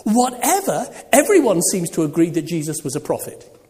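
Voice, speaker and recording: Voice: mid-range voice, big pitch swings, moderate pace, mellow. A preacher delivering a sermon, voice swooping up and down as it throws rhetorical questions at the congregation. The sound rings with the long reverb of a church.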